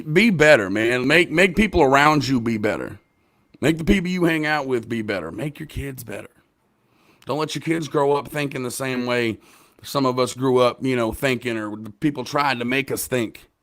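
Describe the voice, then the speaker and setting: A man hosting a casual podcast discussion, talking with profanity and rising into passionate rants between quieter stretches. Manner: profane, impassioned, swings from low mumbles to loud rants. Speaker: podcast host.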